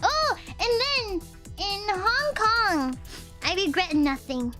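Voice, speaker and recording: A woman's voice: very high voice, animated, slow pace, over music. A young adult woman from the United States, streaming and telling rambling stories in casual chat, laughing often. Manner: giggly, rambling storytelling with frequent laughs. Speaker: VTuber streamer.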